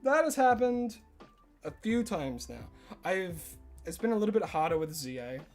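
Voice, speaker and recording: A man's voice: sits high, very animated, moderate pace, soft background music. A man with an Australian accent chatting casually with viewers on a livestream, rambling and filling his talk with "like". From Tasmania, Australia. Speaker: streamer.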